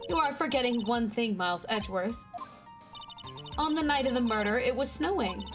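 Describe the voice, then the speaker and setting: A woman voicing a haughty young female prosecutor from a courtroom game, reading her lines in a lowered, cutting voice. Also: lively intonation, normal speed, music in the background, natural voice. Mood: scornful.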